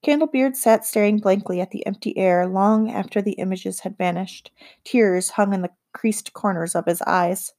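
A woman narrating an audiobook in a calm, measured storytelling voice. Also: mid-range voice.

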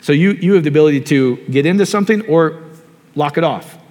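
A man preaching a sermon in a relaxed, conversational way, often asking the audience questions. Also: fairly high pitch, fast. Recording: long hall reverb.

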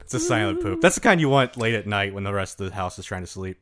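A man's voice: on the low side, expressive, fast talker. A man hosting silly comedic banter, playfully goofing around and singing joke song parodies. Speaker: host.

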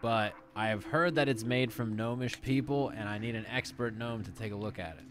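A man's voice: on the low side, brisk. A man playing a tabletop game, talking in an easygoing, chatty way. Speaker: player. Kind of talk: casual tabletop play.

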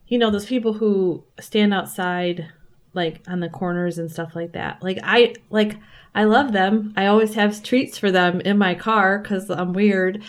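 A podcast guest in a casual conversation about faith, this woman speaks candidly and animatedly, laughing at herself and saying "like" a lot. Her voice sits at medium pitch with a steady tone, and her pace is a little slow.

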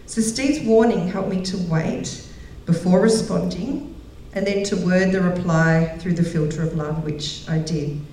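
Heard from a distance in a very echoey hall, a middle-aged woman preaches to a women's gathering in a lowish, mellow voice, at a measured pace with few pauses. She tells stories, laughs frequently and imitates the voices of those she quotes, against slight background noise.

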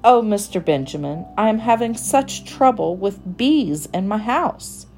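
A woman's voice: medium pitch, animated, measured pace, darkish tone, faint music behind, pitched above the performer's own voice. A woman voicing a fussy, very particular little female mouse, prim and proper in manner. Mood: polite.

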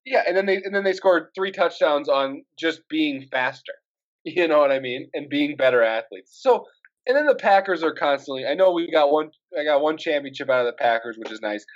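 A man's voice: on the high side, fairly quick, dull audio. Exasperated Wisconsin sports fan man. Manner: animated, swearing, rising to exasperated rants. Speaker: podcast co-host. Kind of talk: casual sports chat.

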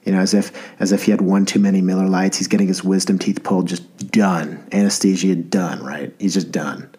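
A man's voice: deep voice, steady tone, fairly quick, dark tone, breathy edge. A man in his thirties hosting a podcast, rambling in an enthusiastic, self-deprecating way. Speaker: podcast host. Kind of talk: casual podcast monologue.

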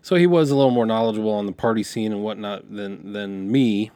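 This middle-aged man speaks briskly in a fairly low register while hosting a podcast. His story about growing up wanders, he often starts sentences over to fix them, and he gets animated when quoting.

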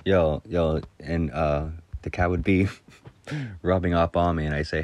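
A man's voice: low-pitched, steady tone, slow pace, pauses often, a little mellow, no echo. A middle-aged man casually telling stories, laughing often and rambling with crude humor. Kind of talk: casual storytelling monologue.

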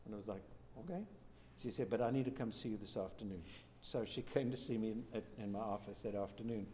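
Pastor guy telling a story, mellow dark voice, acts out the quotes, faint hiss behind. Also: fairly low pitch, fast. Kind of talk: storytelling testimony.

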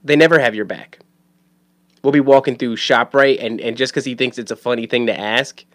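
A man's voice: medium pitch, fairly quick. A man, a father, talking in a casual monologue, rambling and swearing freely, with many restarts and stammered words. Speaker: father talking about his son.

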